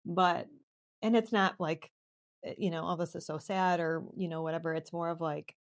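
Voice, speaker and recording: Gentle woman host with a gravelly voice. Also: fairly low pitch, steady tone, normal speed. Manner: gentle, affirming, emotional. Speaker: podcast host. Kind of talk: faith podcast interview.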